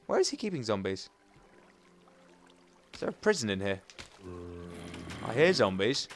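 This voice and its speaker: A young man giving chatty, excitable let's-play commentary as a gaming channel host. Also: mid-range voice, measured pace, pauses often. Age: young adult. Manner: excitable, chatty, sudden loud squeals. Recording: faint game music behind.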